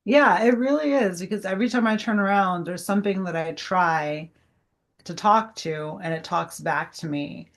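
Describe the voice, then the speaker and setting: A middle-aged woman, a guest medium, telling an animated personal story in casual chat and acting out the dialogue. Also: on the low side, a little slow. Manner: animated, heavy use of "like", acts out quoted dialogue.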